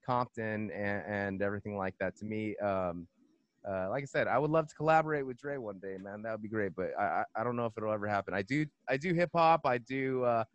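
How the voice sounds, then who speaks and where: A man's voice: fairly low pitch, fairly quick, no echo, highs cut off. A man talking as a guest musician on a podcast, rambling with lots of fillers and repeated "man" and "you know". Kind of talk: casual podcast chat.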